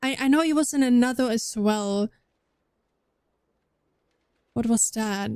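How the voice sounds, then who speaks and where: A woman's voice: fairly high pitch, takes it slowly, a little mellow, smooth, no echo, studio quality. A young German woman with a slight Scandinavian tinge to her accent, chatting casually with viewers on a livestream, rambling and often restarting her sentences. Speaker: livestream streamer. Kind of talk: casual chat with viewers while gaming.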